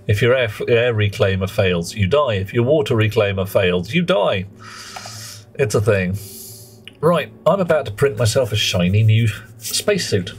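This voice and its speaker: A man streaming a game live, chatting in a jokey, rambling way and greeting viewers between explanations. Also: fairly low pitch.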